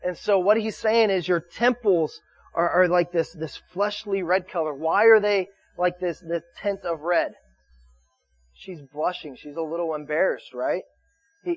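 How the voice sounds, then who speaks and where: High-voiced man preaching a casual sermon. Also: moderate pace, no room sound, muffled recording. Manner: conversational, repetitive restarts, checking in with the audience. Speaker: pastor.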